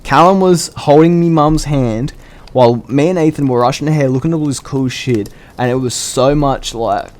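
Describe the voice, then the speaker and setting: A man telling a story to the camera in a loose, excited way, full of swearing and restarts. His voice sits at an ordinary middle pitch. He talks casually, like a vlogger chatting to his viewers. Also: normal speed. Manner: animated, profane, rambling.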